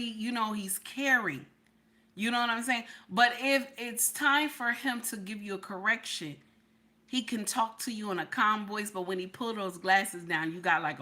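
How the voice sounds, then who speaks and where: Emphatic woman with a bright voice. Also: mid-range voice. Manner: emphatic, repeats lines, talks to chat. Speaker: livestream reaction host. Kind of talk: casual livestream commentary.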